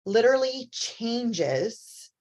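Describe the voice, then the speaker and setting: A woman co-hosting a casual talk show, telling personal stories in an animated, candid way. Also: a little high, very slow. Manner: animated storyteller, acts out quoted voices. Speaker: co-host. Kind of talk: casual chat.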